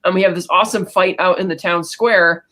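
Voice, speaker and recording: A podcast co-host giving a casual, rambling movie recap, acting out quick lines of dialogue along the way. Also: medium pitch, steady tone, bright, forceful tone. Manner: rapid, rambling retelling with quick acted-out quotes and fillers.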